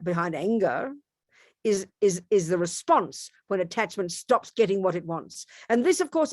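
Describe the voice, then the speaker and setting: A woman's voice: no room sound, clean studio sound. A woman, a Buddhist nun, giving an emphatic, conversational dharma talk full of rhetorical questions. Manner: emphatic, animated, wide swings in pitch and loudness; conversational, repeats herself and asks rhetorical questions.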